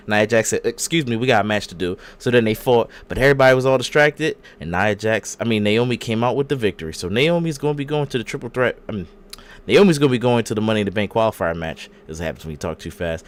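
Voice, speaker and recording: A young man hosting a casual wrestling podcast, bantering with his co-hosts and recapping matches with exaggerated voices. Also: mid-range voice. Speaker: podcast host.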